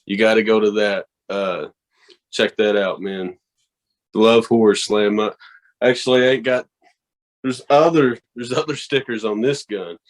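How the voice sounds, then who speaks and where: Profane, animated storytelling man from the South. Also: fairly low pitch, a little slow. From American South. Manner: animated, profane, acts out quoted voices. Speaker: podcast guest. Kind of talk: casual storytelling chat.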